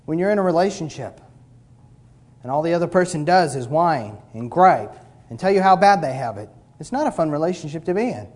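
Male pastor, sermon delivery, slightly raised pitch, emphatic with wide swings in loudness, sardonic asides. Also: very animated, brisk. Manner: emphatic, swings between loud and quiet; mocks complainers with blah-blah asides.

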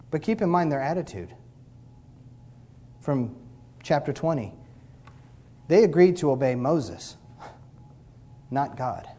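Male pastor, sermon delivery, slightly raised pitch, emphatic with wide swings in loudness, sardonic asides. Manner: emphatic, swings between loud and quiet; mocks complainers with blah-blah asides.

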